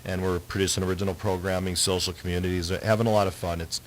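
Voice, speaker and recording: Male guest, very low and flat, quick delivery. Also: slight background noise, low-quality recording. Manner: upbeat, promotional. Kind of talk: upbeat radio interview.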